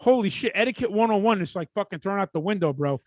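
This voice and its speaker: Man, Brooklyn accent, blunt ranting, podcast co-host, high voice. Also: lively intonation, quick pace, dry recording, clean studio sound. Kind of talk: casual chat. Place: New York.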